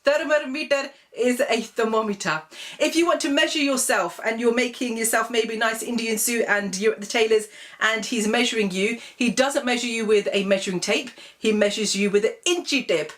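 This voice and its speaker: A woman's voice: on the high side, moderate pace, a bit bright. A woman from England, talking casually to camera in a comic video blog, chatty and amused, with many ums. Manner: chatty and amused, many ums, laughs at her own examples. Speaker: vlogger.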